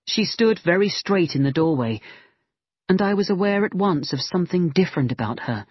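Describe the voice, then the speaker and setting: A man reading a novel aloud in a measured, even storytelling manner. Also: high-pitched, breathy edge, dry recording. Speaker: audiobook reader. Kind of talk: scripted narration. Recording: dull lo-fi dry recording.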